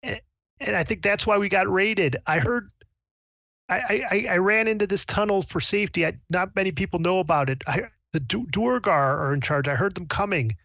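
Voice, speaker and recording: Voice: medium pitch, a little fast, creaky, a bit bright, dry recording, voice pushed up. A game master doing Trellis, a stammering, frightened young man. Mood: anxious. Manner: stammering, panicky and pleading. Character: frightened young man, a mine owner's party-loving son.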